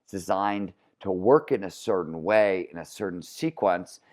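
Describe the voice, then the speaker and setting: A middle-aged man with a flat Midwestern American accent and a very deep, low voice. He speaks as a podcast guest and explains with energy, restarting phrases as he builds each point. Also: moderate pace. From Cleveland, Ohio, US. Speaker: author and guest. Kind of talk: podcast interview.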